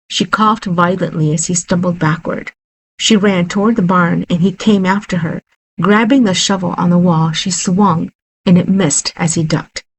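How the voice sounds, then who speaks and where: Woman narrator for a horror story, steady and unhurried, low husky voice. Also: rough recording.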